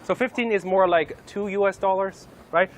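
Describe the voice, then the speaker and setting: Male reporter with a Chinese accent, higher voice, live outdoor spot, halting delivery. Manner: halting, many restarts, switches to interpreting. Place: outdoors at an oyster farm.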